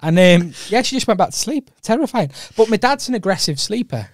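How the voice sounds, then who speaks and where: A man's voice: high voice, expressive, brisk, no echo, studio quality. A young Welsh man co-hosting a podcast, telling rambling stories in a casual chat and laughing often. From Wales. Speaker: podcast co-host.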